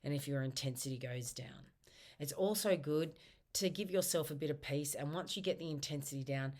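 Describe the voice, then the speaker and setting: A woman practitioner giving gentle self-help instruction, guiding a tapping round and slowly repeating its phrases. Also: sits low.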